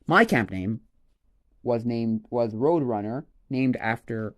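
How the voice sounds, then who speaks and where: A man on a casual livestream, rambling and exclaiming excitedly as he opens trading cards. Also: medium pitch, slow. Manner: excitable, rambling, exclaims over each card. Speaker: streamer opening a card pack.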